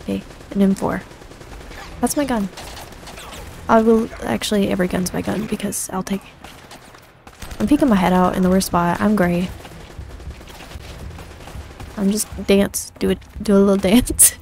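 A woman's voice: mid-range voice, fairly even intonation, a little slow, creaky, long pauses, darkish tone, slight background noise. A woman giving let's play commentary while gaming, panicky and self-mocking, often repeating herself. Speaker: gaming streamer.

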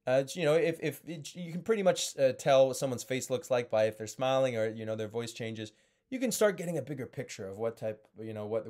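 A young man giving a casual sales training talk, animated and full of fillers as he demonstrates high and low tones. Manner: frequent fillers and restarts.

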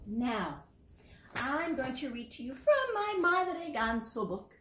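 Preschool teacher, female, high and animated, unhurried and coaxing, recorded in a roomy space. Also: noisy background. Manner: animated, exaggerated teacherly encouragement. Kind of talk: sing-song lesson for young children.

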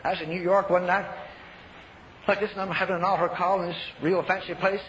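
An older man preaching a sermon, telling folksy stories and shouting commands. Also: high-pitched, little pitch movement, a little fast. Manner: folksy storytelling, shouts commands, repeats phrases. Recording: echoey hall, faint noise.

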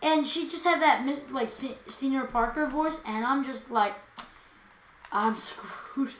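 A woman's voice: high-pitched, moderate pace. A teenage girl co-hosting a podcast, telling school stories in a casual chat and acting out what people said. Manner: animated storytelling, acts out quotes. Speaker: podcast co-host. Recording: echoey room.

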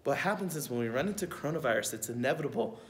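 A young man speaking as a camp youth speaker, giving a casual devotional lesson for kids in a relaxed, chatty way, asking rhetorical questions and checking in with his listeners. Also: medium pitch, rapid-fire, slight background noise.

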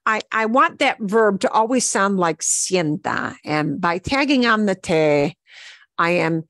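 A woman teaching a Spanish lesson, patiently repeating words slowly for her students. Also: medium pitch, animated, a bit bright, no echo, studio quality. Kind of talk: online language lesson.

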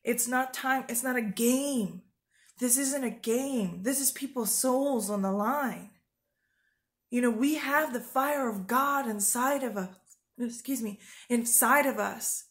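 A woman with a somewhat high voice gives an informal, earnest sermon straight to her viewers. She sounds urgent and rambles a little, circling back with fillers and restarts. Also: takes it slowly, a bit bright. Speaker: Christian video preacher.

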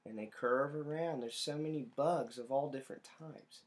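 A male teacher reading a picture book aloud to children, animated, explaining and pointing out the pictures. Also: mid-range voice, moderate pace.

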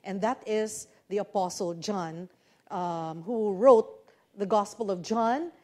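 A woman pastor with a Filipino Cebuano accent, preaching a sermon that switches between English and Cebuano. She swells into loud, emphatic lines and then drops back quietly. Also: mid-range voice, slow.

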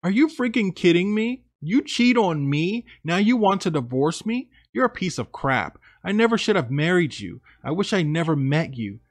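A man's voice: sits high, sing-song, normal speed, hardly any pauses, no room sound, exaggerated voice. A man voicing an angry, selfish ex-wife who speaks in accusing, indignant bursts. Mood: furious.

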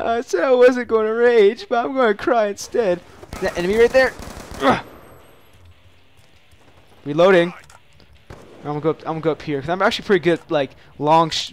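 A young man casually commenting while playing a shooter game, excitable and prone to loud yelps and mock-dramatic taunts. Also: a little high. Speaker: gaming channel host. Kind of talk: live gameplay commentary.

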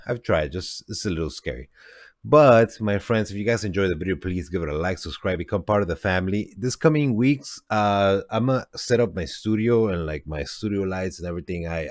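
Male reaction host, native Spanish speaker, lowish pitch, dry close mic, eager and repetitive. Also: no room sound. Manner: excitable, repeats himself, laughs often. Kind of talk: casual reaction commentary.

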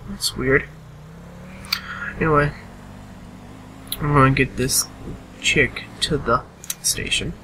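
A man's voice: medium pitch, steady tone, slow, pauses often, sharp tone, slight background noise. A tired, yawning man giving casual gameplay commentary and chattily bossing game characters around.

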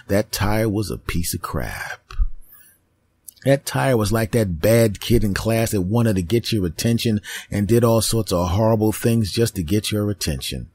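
A man with a somewhat low voice delivering a comedic monologue as a podcast host. He tells his story as an animated, ranting storyteller. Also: husky.

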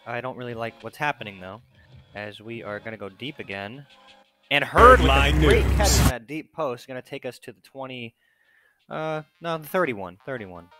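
A man's voice: medium pitch, moderate pace, pushed and bright. A young man giving casual, sarcastic play-by-play commentary on his football video game, swearing often. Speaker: gaming video host.

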